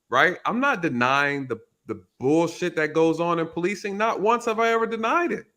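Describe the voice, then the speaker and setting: A man's voice: fairly high pitch, animated, moderate pace, few pauses, bright, forceful tone. A man who is a retired police officer, hosting a casual commentary show, emphatic and repeating his key points.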